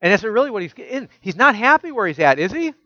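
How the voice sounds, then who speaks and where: High-voiced preaching man, rhetorical. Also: sing-song, fast, no room sound, highs cut off. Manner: emphatic, full of rhetorical questions, drops soft when quoting scripture. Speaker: pastor. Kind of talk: sermon.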